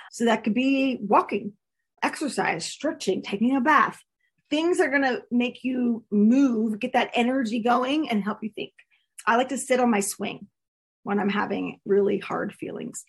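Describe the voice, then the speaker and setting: A woman's voice: on the high side, creaky, breathy edge. A woman coaching listeners in a casual, earnest, candid talk, laughing often. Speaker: coach teaching a course.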